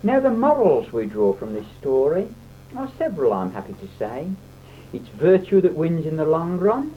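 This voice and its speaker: Man reciting comic verse, lively and theatrical. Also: fairly high pitch, normal speed. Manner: theatrical, mock-dramatic delivery. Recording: dull, slightly noisy old recording. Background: audience laughter.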